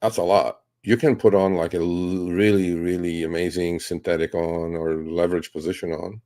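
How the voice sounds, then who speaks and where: A man's voice: deep voice, flat delivery, moderate pace, mellow. A man hosting a live question-and-answer stream about his trades, talking bluntly and casually with rambling restarts and some swearing. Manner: blunt, rambling, profane, mocks reckless traders. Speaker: host answering viewer questions on trading.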